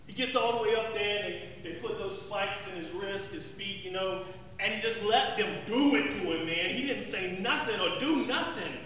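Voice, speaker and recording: A man playing a rough, remorseful zealot in a dramatic first-person monologue, talking in an emphatic, street-tough way and repeating words. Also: high voice, normal speed, pushed and bright, slight background noise. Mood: solemn. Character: rough, remorseful male zealot recalling the crucifixion. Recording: echoey hall, distant mic, faint ambience.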